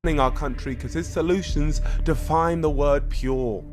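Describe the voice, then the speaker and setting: Deadpan guy narrating his prank, kinda high voice, loud music underneath. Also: measured pace. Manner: mock-earnest, deadpan put-on bravado. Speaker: undercover video creator. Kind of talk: undercover street prank with voice-over. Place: outdoor street rally.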